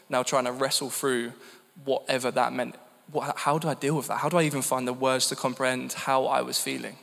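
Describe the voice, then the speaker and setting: A man's voice: mid-range voice, creaky, a bit bright. A man in his thirties from England giving a candid, self-deprecating personal testimony at a church gathering. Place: church hall. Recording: long reverb in a church hall.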